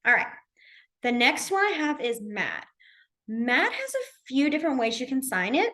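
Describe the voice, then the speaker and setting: A woman's voice: high-pitched, big pitch swings, moderate pace, bright, forceful tone. A young woman casually teaching a beginner sign language class online, chatty with many fillers. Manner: chatty, lots of fillers, demonstrative.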